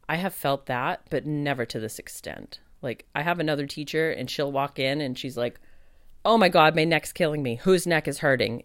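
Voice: medium pitch, dry recording, studio quality. Chatty medium telling a retreat story. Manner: chatty, many fillers, acts out own past thoughts. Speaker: podcast host and psychic medium. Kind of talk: casual monologue.

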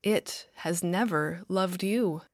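A woman voicing the Lord as a calm, grave male figure in a storybook reading, speaking with steady, gentle authority. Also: fairly low pitch, slow pace, no echo, clean studio sound. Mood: solemn.

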